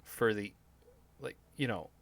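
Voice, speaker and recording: A man's voice: fairly low pitch, unhurried, gravelly, no room sound. A man hosting his own podcast as a live stream, rambling and sardonic, swearing often and restarting his sentences. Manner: meandering, profane, full of fillers and restarts. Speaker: podcast host.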